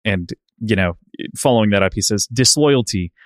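A man's voice: fairly low pitch, normal speed, no echo, clean studio sound. A man co-hosting a casual book discussion podcast, recapping scenes thoughtfully with a lot of "like" and "sort of". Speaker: podcast co-host.

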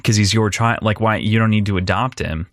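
A young man with a lowish voice co-hosts a casual film podcast, rambling and animated and often restarting his sentences. He is recorded close on the mic in a dry, deadened space. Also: fairly quick, dry recording. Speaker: podcast co-host.

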